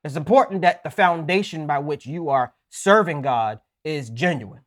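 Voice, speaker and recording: A man preaching a sermon in a conversational way, often checking in with "right?" and reading scripture slowly with emphasis. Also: on the high side, a bit bright. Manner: folksy asides.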